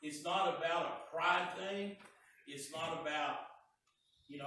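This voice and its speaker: A man's voice: a little high, measured pace, long pauses, pushed and bright, a little hiss or hum. A male pastor preaching a sermon in a folksy, conversational way, often repeating words. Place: church sanctuary. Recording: echoey church heard from a distance.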